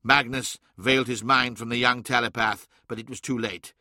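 A man narrating a dark fantasy audiobook in a dramatic, scripted style, swelling on the action and dropping low on the grief. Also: fairly even intonation, moderate pace, no room sound, clean studio sound.

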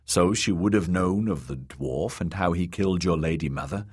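A man voicing a soft-spoken, sly noblewoman who soothes and coaxes. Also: sits low, moderate pace, breathy edge. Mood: soothing.

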